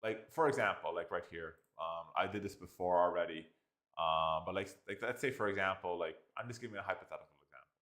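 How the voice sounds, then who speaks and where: An Irish man giving a casual spoken software review, rambling with constant fillers and restarts. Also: low voice, quick pace. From Ireland.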